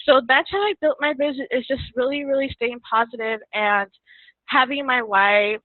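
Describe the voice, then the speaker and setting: Woman, high voice, chatty and emotional, tinny dry phone line. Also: moderate pace, no echo. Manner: chatty, laughs often, gets emotional. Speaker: guest distributor. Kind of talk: casual interview storytelling.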